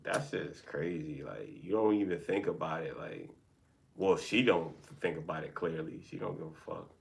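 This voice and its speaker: A man's voice: rumbling low, moderate pace, vocal fry. A man co-host in a casual group chat, talking in a blunt, emphatic way full of swearing. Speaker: podcast co-host.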